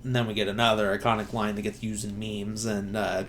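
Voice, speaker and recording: Podcast host, male, slightly low voice, loose filler-heavy recap delivery. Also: level tone, fairly quick, a bit bright, slight background noise. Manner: rambling, filler-heavy, many "like" and "uh". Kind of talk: casual movie recap.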